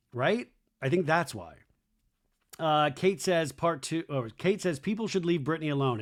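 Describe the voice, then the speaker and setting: A man hosting a casual podcast, reading out listener comments and chatting about them, thinking aloud with plenty of fillers and hedges. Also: on the high side. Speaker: podcast host.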